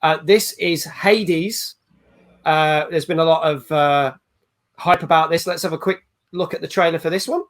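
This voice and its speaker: A man's voice: a little high, measured pace, a bit bright. A man hosting a casual gaming chat, upbeat and chatty as he moves the talk along. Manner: upbeat, chatty, hands the floor to guests. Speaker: host.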